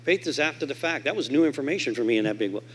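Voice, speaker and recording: Man telling an animated recovery story. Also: racing, slightly rough. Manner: animated storyteller who acts out quoted voices; swings from loud and emphatic to low and quiet. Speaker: convention speaker. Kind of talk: recovery story told to a convention audience. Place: convention hall stage.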